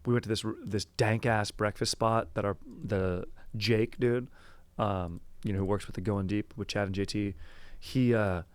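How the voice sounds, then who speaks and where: A young man hosting a casual comedy podcast, excitable, swearing and saying "dude" often. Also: fairly low pitch, normal speed, smooth, no room sound. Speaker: podcast host. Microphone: headphones on.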